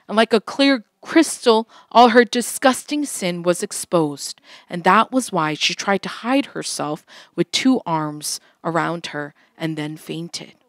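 A woman's voice: lowish voice, expressive, takes it slowly, few pauses, no room sound, clean studio sound. Woman telling an earnest sermon story.

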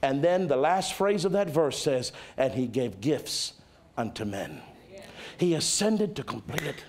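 A male pastor preaching a sermon, dramatic, swinging from loud exclamations to hushed tones. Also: mid-range voice, very animated, unhurried.

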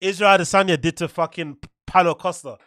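A man's voice: high voice, quick pace, fairly bright tone, dry recording, studio quality. A man hosting a podcast, reacting to clips with incredulous, mocking commentary and frequent laughter. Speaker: podcast host.

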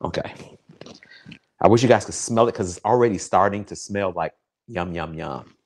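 A man hosting a casual cooking livestream, excitable and crude, joking and chatting straight to his viewers. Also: low voice, moderate pace. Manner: excitable, crude, jokey, chats directly to viewers. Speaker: home cook hosting a cooking show.

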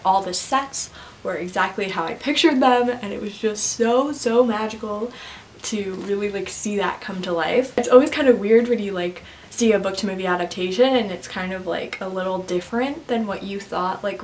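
A woman's voice: medium pitch, normal speed, slight background noise, rough recording. A young woman vlogging casually about a book and its film, chatty and giggly with lots of fillers. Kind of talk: casual chat to camera.

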